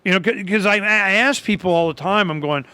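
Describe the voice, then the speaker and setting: A man hosting a talk radio show, his voice pitched high and bright. He rambles loosely, stumbles over restarts, and leaps into animated quoted dialogue. The sound is close and dry. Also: fairly quick, clear, resonant tone, no room sound. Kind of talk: casual talk radio conversation.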